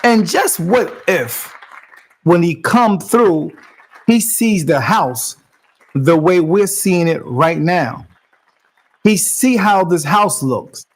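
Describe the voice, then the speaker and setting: A man's voice: high-pitched, expressive, slow, a faint crowd. A male podcast host giving commentary on a video clip in a preachy, emphatic way, repeating his points.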